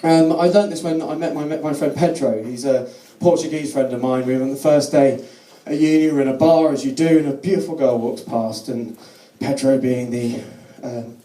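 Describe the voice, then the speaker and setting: A man's voice: medium pitch, moderate pace, few pauses, dark tone. A man doing a live stand-up routine, chatty and sardonic, slipping into mock voices. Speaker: stand-up comedian. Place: comedy night at a London venue. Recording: echoey venue, distant mic, audience noise.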